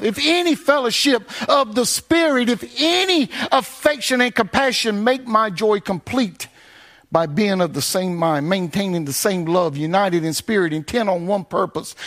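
A man preaching a sermon, swinging between sing-song swells and low quiet passages.

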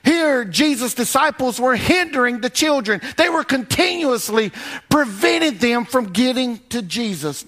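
An older man preaching a sermon as pastor, swinging from loud raised calls to low, soft drops and chuckling along with the congregation in a folksy way.

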